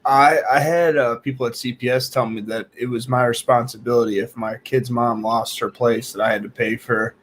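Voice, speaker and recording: A man in casual conversation who speaks haltingly, repeating words and dropping in casual slang. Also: medium pitch, steady tone, a little hiss or hum. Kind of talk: casual chat.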